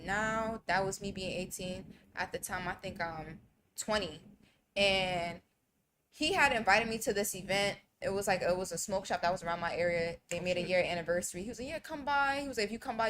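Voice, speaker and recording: A woman's voice: medium pitch, background noise. Slangy young woman telling a story. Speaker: podcast co-host. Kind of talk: casual drunk chat.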